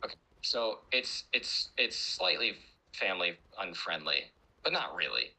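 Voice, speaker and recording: A man with a low but sharp, bright voice chats on a call with a fellow streamer. He talks through his ideas aloud and tells a story at an easy pace. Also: big pitch swings, unhurried, rough recording. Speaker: guest streamer. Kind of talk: casual chat over voice call.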